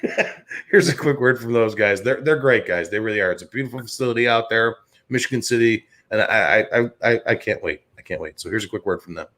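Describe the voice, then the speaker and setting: Here the voice sits lowish and bright, and he talks fast. The speaker is a thirty-something sports talk host from around Chicago, casually telling meandering, foul-mouthed stories on a podcast and voicing the other characters.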